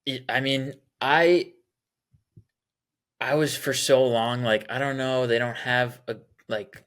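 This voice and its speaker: A young man co-hosting a casual sports podcast in an easygoing way. His voice sits at a middle pitch, and he hedges his opinions with a dry, hesitant touch. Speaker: podcast co-host.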